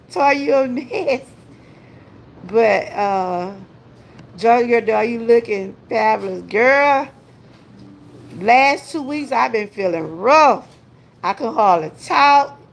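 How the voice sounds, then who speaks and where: An older woman from Georgia, US, hosts a casual livestream, chatting directly to her viewers and laughing often. Her voice is on the high side and creaky.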